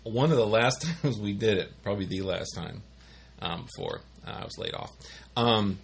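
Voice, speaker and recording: A man's voice: on the low side, animated, normal speed, vocal fry, a little hiss or hum. A middle-aged man casually telling rambling office stories, full of fillers and restarts. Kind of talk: casual storytelling chat.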